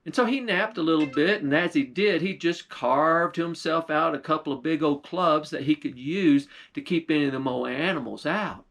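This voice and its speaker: A man's voice: fairly high pitch, normal speed, hardly any pauses, a bit bright. Drawling storyteller man. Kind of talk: folktale storytelling.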